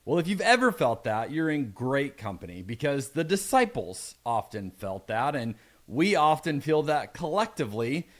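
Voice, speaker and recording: A man's voice: mid-range voice, big pitch swings, normal speed. A middle-aged man preaching a conversational sermon, reading scripture aloud and adding playful asides. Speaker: pastor.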